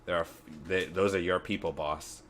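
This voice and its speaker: A man's voice: deep voice, fairly even intonation, normal speed, fairly bright tone, faint music behind. A man reading aloud the lines of an earnest, troubled young male doctor in a game. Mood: urgent. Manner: reads game dialogue aloud, urgent.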